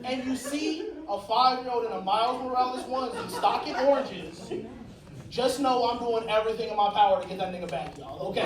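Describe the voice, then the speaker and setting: A man's voice: very high voice, lively intonation, moderate pace, distant mic. A man doing a stand-up comedy set, telling crude, profane stories on a club stage. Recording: echoey club mic with loud crowd. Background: audience laughter.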